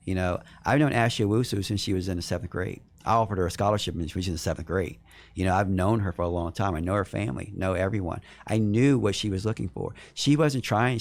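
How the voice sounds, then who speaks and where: A middle-aged man with a lowish voice talks through a podcast interview as a basketball coach. He speaks in earnest and often circles back over his words while he builds a point. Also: creaky, a little mellow. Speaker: head women's basketball coach.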